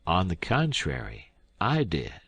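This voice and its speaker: A man voicing a sharp-tongued male swindler who talks briskly, sarcastically and forcefully, with a husky voice. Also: deep voice, huge pitch swings, heavily acted. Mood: scornful.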